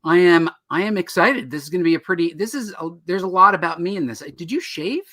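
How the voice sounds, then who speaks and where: A man's voice: high voice, expressive, quick pace, bright, forceful tone, no echo. Upbeat joking man hosting a live show. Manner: jokey, self-deprecating, upbeat. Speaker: host. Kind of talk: live online comics talk show.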